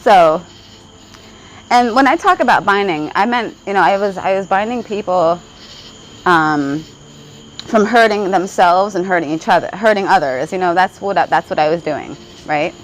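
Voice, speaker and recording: In a low-quality recording with a little hiss or hum and faint crickets behind her, a woman vlogger with a lowish voice speaks at normal speed. She rambles casually through a spiritual story, laughing as she goes and frequently asking "right?"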